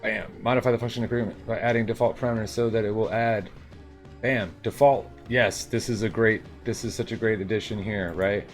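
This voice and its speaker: A man's voice: on the low side, fairly even intonation, a little fast, soft background music. A man streaming himself working through coding exercises, reading the instructions aloud and tossing in jokey asides, sound effects and a hammed-up New York twang. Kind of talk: casual live-coding commentary.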